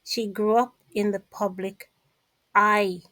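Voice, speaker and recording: A woman's voice: mid-range voice, flat delivery, slow pace, a bit bright, no room sound, low-quality recording. A woman vlogger giving a casual commentary monologue, emphatic and repetitive, speaking straight to her listeners.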